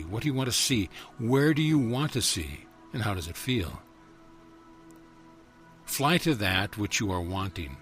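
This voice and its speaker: Man, very low voice, spiritual teacher guiding a meditation; slow and measured with soft repeated questions, faint music underneath. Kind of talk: guided meditation.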